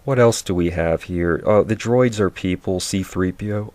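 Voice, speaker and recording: A man's voice: sits low, normal speed, darkish tone. A man giving a sarcastic, rambling movie review, mocking the scenes and sometimes mimicking the characters in silly voices. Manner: rambling, offhand.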